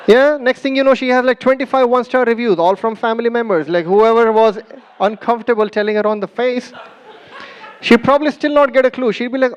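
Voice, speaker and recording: High-voiced stand-up comic teasing the crowd. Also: male voice, muffled recording, slight background noise. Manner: chatty, teasing the crowd, acting out quoted lines. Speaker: stand-up comedian. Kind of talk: stand-up comedy set. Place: live comedy stage with an audience.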